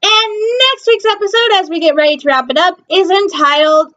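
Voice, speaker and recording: A woman from Michigan hosting a pop culture news vlog, gushing excitedly about shows with lots of ums. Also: sits high, normal speed, hardly any pauses, highs cut off. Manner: gushing, excitable fan talk with many ums. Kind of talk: casual chat.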